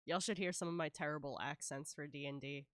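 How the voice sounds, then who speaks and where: Stuffy-nosed woman streamer, low-ish voice, dry sound, chatty and giggly while she draws. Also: steady tone, brisk, a bit bright, no echo. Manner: chatty, laughs often, lots of "like". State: stuffy nose. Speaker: live-streaming artist. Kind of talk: casual chat while drawing.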